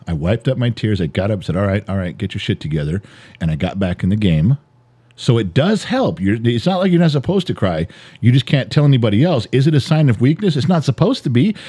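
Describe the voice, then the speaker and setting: Low, lively middle-aged man, emphatic rant. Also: breathy edge. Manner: emphatic, repetitive, swears, builds an extended metaphor. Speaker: podcast co-host, father. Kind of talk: heated personal monologue.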